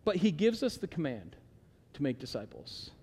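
A middle-aged male pastor preaching with a high voice, conversational one moment and emphatic the next. He slows down to stress key words and calls on the room to repeat lines with him. His voice rings with a long reverb from the hall. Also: wildly swooping pitch, mellow, slightly rough. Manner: conversational, asks the congregation to repeat lines aloud. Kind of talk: sermon.

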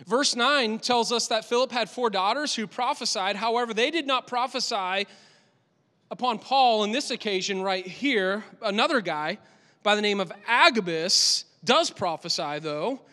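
A male pastor giving an animated, conversational sermon in a church, with lots of repetition for emphasis. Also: sits high, moderate pace. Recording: long hall reverb.

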